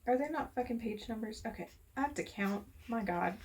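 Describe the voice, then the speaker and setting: A woman's voice: a little high, expressive, fairly quick, a little mellow. Woman, casual vlog, heated, exasperated, swears freely, room at home. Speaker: book reviewer. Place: room at home with window open.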